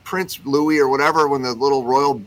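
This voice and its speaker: A man's voice: mid-range voice, fairly even intonation, brisk, fairly bright tone, poor audio. A man chatting on a radio show in an easygoing, amused way. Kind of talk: casual radio banter.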